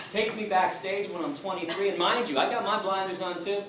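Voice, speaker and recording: A man's voice: sits high, fairly even intonation, moderate pace. A middle-aged man giving an impassioned, emphatic talk to a crowd, telling his story. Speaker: activist speaker. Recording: distant echoey room with noise.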